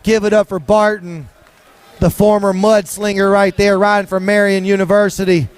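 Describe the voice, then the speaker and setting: Male race announcer, high voice, rapid rhythmic calling of riders at an outdoor BMX track. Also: little pitch movement, clean tone. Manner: rapid-fire rhythmic calling, sing-song hype. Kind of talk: live BMX race commentary.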